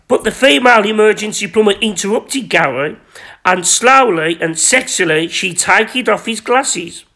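A man hosting a podcast, reading his own erotic story in a rambling, crude, self-important deadpan. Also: high-pitched, moderate pace. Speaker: podcast host.

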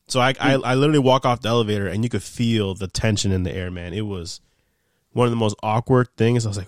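A man's voice: mid-range voice, fast talker, no room sound. Young guy on a podcast, swears a lot, acts out convos, dry close sound. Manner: animated, swears freely, acts out quoted dialogue. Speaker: podcast guest, former sports radio producer. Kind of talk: casual storytelling chat.

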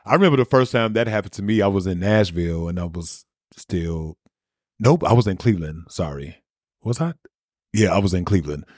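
A man co-hosting a podcast, telling animated anecdotes in a casual, profane way. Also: low voice, brisk, no room sound, studio quality. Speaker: podcast co-host. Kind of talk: casual chat.

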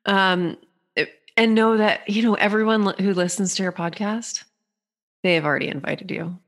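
A woman guesting on a podcast, explaining human design with lively, playful examples. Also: medium pitch, moderate pace. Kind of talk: podcast conversation.

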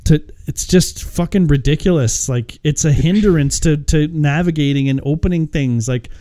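A man's voice: on the high side, normal speed, mellow. A man chatting casually about a movie, rambling and swearing, often laughing as he talks.

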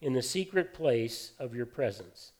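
A man's voice: medium pitch, sing-song, measured pace, a little mellow, slightly rough. Man preaching a conversational sermon. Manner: conversational, anecdotal preaching with frequent fillers. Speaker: pastor.

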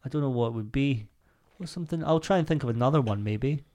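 A man's voice: mid-range voice, fast, a little mellow. A British man co-hosting a comedy podcast in casual, rambling chat full of fillers and laughs. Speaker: podcast co-host.

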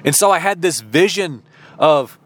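A man preaching a sermon, telling a story slowly and dramatically and acting out the dialogue. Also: a little high, animated, fairly bright tone, a little hiss or hum.

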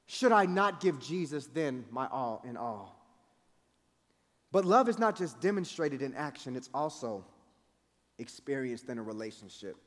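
A man in his thirties preaching a sermon with passion, moving from loud appeals to hushed pleading. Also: mid-range voice, big pitch swings, measured pace. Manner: impassioned, swings from shouting to hushed pleading. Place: large event hall. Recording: reverberant hall.

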